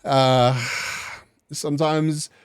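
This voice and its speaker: A man's voice: a little high, level tone, extremely slow, clean tone, no room sound, clean studio sound. A man commentating casually on a live stream, laughing often and coughing between jokes. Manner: giggly, keeps laughing and joking. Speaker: streamer reacting to a video.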